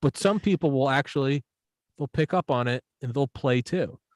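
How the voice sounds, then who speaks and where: A man's voice: medium pitch, normal speed, dry recording. A man talking as a guest on a podcast in a casual conversation. He rambles, swears freely and acts out little examples as he goes. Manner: profane, rambling, animated with acted-out examples.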